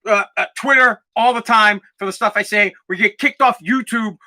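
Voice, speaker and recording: A man in his forties hosting a podcast in an aggravated, profane rant that bursts into shouting, his throat dusty so he keeps clearing it. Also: high-pitched, moderate pace. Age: 40s. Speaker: podcast host. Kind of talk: angry ranting monologue.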